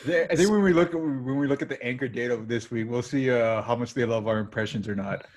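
A man co-hosting a podcast in casual chat, easygoing and quick to laugh. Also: mid-range voice. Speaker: podcast co-host.

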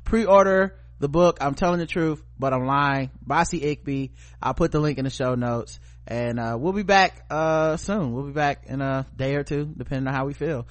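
A man's voice: a little high, normal speed, few pauses, no echo. A man hosting a podcast, reading news stories aloud and joking around with crude, casual talk. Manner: joking, profane, laughs often. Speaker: podcast host.

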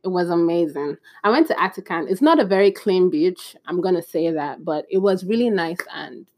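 A woman vlogging in a casual, animated storytelling way, chatty and laughing at her own stories. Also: fairly low pitch, normal speed, a little hiss or hum.

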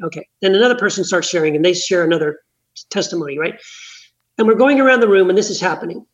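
A man's voice: high voice, fast talker, muffled recording. A man who leads small church gatherings, telling a story in an earnest, conversational way.

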